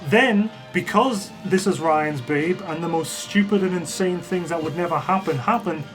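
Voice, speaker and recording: A man's voice: sits high, normal speed, over music. A man hosting a podcast, recapping a bad movie in a casual, sarcastic way and swearing freely. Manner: sarcastic, swears freely, laughs while retelling scenes.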